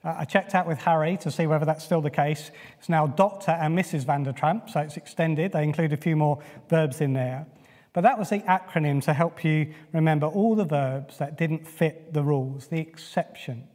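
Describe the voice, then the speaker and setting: A man from England preaching a sermon in a relaxed, conversational way, often starting with "uh". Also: fairly high pitch, normal speed, in a large hall. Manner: conversational, frequent "uh" fillers. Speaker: pastor.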